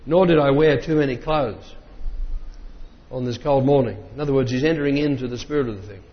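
A man reading an old memoir aloud in a measured voice, breaking off now and then for plain asides. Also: medium pitch. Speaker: reader. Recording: dull lo-fi sound with long reverb.

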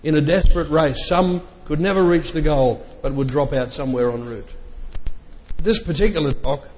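Man reading a memoir aloud in a reverberant hall. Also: on the high side. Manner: measured reading voice, breaks off for plain remarks. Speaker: reader. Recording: dull lo-fi sound with long reverb.

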